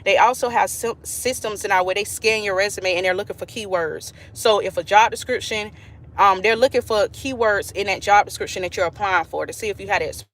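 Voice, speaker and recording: Bright-voiced chatty woman. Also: mid-range voice, brisk. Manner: chatty, emphatic, talks straight to viewers as "y'all". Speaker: nurse and channel host. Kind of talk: casual live-stream chat.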